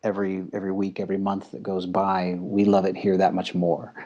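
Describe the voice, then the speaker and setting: A man's voice: low voice, fairly quick, lo-fi sound. An American man in his thirties or forties, a guest chatting casually in an interview, telling stories with chuckles and fillers. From United States. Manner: relaxed storyteller, chuckles often, many fillers.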